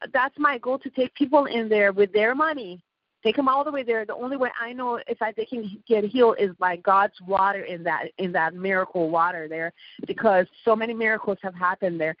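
A woman's voice: medium pitch, dry recording. A woman from Iran, a guest on a talk radio show, talking in an emphatic, rambling way and often interrupting. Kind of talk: talk radio call-in chat. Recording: dull dry lo-fi radio sound.

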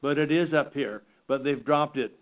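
A man teaching a Bible study class in an earnest, halting way, often restarting his sentences. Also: fairly high pitch. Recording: tinny phone-like recording.

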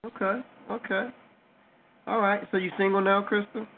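A man hosting a call-in radio talk show, taking callers and closing with a drawn-out, preachy sermon-like speech. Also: high voice, little pitch movement. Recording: tinny phone-line sound with faint noise.

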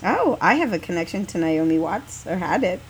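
A woman's voice: lowish voice, big pitch swings, moderate pace, breathy edge, low-quality recording. A woman co-hosting a casual podcast chat, joking in a dry way. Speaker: podcast co-host.

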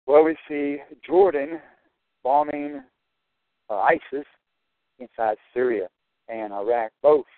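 A man's voice: mid-range voice, takes it slowly, pauses often, no echo. Earnest preaching man on a tinny line. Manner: earnest, repetitive, preacher-like emphasis. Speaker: Christian prophecy broadcaster. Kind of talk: preaching monologue. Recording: tinny phone-like line, dry.

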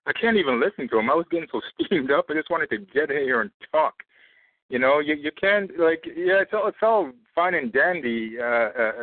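A man's voice: mid-range voice, no room sound. Agitated man rambling over a phone line. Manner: rambling, worked up, repeats himself. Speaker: caller. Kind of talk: emotional call-in monologue.

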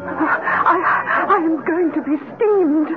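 A woman's voice: very high voice, slow, loud music behind the voice. An actress playing a breathless, romantic lady of a royal court in a 1970s radio drama. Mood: frightened. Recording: tinny old radio broadcast.

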